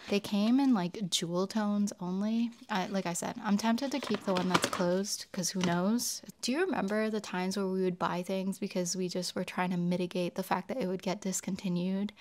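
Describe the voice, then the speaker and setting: A woman's voice: on the low side, noisy background. A young woman beauty vlogger in casual chat to camera, chatty and exclaiming as she talks through each item.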